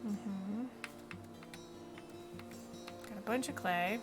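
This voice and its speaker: A woman streaming a video game, chatting casually to herself, with mild swearing, over loud game music. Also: mid-range voice, very slow. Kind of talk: casual gameplay commentary.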